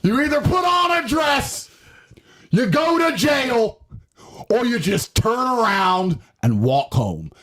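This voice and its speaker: A man in casual chat who lectures in a preachy, mock-serious way, pushing questions at the listener. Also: sits high.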